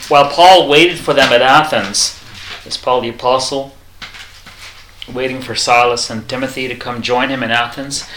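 A man preaching a sermon, reading scripture aloud and acting out the quoted lines in a lively way. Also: echoey room, a little hiss or hum, rough recording. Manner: animated, acts out quoted lines with rising pitch; reads scripture aloud in King James wording.

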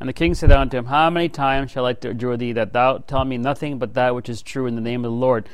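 A man's voice: mid-range voice, fairly even intonation, quick pace, clear, resonant tone, no echo, low-quality recording. A man teaching a Bible study, reading scripture aloud and then commenting in a casual, conversational way with frequent asides to his listeners. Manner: frequent "you know" and "right?" asides.

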